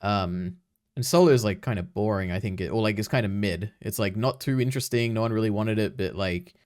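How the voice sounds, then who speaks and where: A man's voice: on the low side, fairly quick, darkish tone, smooth, no room sound, clean studio sound. A man co-hosting a casual movie chat, talking hesitantly with lots of fillers and trailing hedges. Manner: hesitant, many fillers and restarts. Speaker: podcast co-host.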